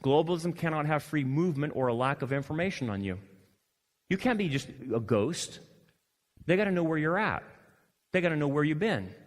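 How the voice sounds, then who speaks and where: A male pastor preaching a sermon, animated and swinging between loud emphasis and quiet asides. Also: fairly high pitch, fairly quick, in a large hall. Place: church hall.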